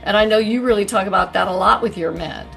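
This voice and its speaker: A woman's voice: medium pitch, fast, gravelly, a bit bright, soft background music. A middle-aged woman hosting a podcast, speaking in a conversational, affirming way. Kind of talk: casual podcast talk.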